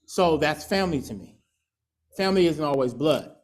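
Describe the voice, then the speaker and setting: A man's voice: on the high side, animated, moderate pace. A man tells his recovery story to a meeting. He talks candidly and swears freely. He acts out the people in his story as he goes. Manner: candid, profane, storytelling with laughs and acted quotes. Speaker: alumni speaker sharing recovery story. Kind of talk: personal testimony at a recovery meeting.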